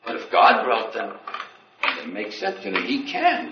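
Animated man lecturing in an echoey room. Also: unhurried. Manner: rhetorical questions, acts out dialogue with sweeping pitch. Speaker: religious lecturer. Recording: echoey, dull lo-fi recording with faint noise.

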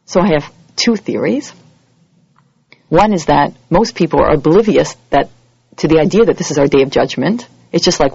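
A religious teacher delivers a holiday sermon to a congregation, lively and acting out everyday scenes in different voices. The voice is medium in pitch, a little fast, creaky with a breathy edge, and the audio is dull with no echo.

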